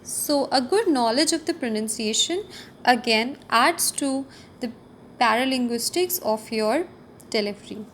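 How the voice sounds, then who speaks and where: A woman's voice: fairly high pitch, expressive, measured pace, fairly bright tone, slight background noise. A woman teaching a recorded lecture over slides, explaining terms and stressing key words.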